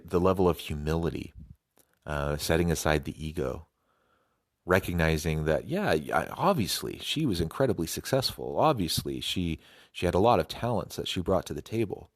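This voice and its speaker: Male host, very deep, dry close mic, thoughtful and a little halting. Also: dry recording. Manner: reflective, with frequent restarts. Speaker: podcast host. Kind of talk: podcast commentary.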